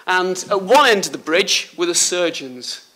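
A man from Liverpool with a slight Liverpool accent gives a school talk as a surgeon, chatty and joking with the pupils. His voice sits a bit high for a man and sounds bright and forceful. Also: animated, a little slow. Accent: Liverpool English. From Liverpool, England. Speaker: guest speaker, surgeon. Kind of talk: school speech. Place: school hall.

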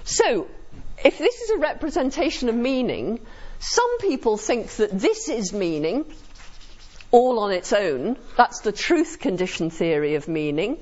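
Lively woman lecturing a class. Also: a little high, a little slow. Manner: conversational, checks understanding with tag questions. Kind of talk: philosophy lecture to students. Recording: dull lo-fi classroom recording.

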